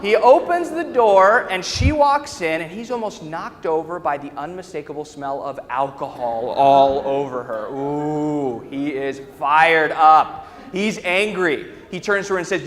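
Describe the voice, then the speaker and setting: A workshop trainer tells a story to a live audience in a large lecture hall, often checking in with his listeners. His voice is fairly high and unhurried with few pauses, and the hall is echoey with faint ambience.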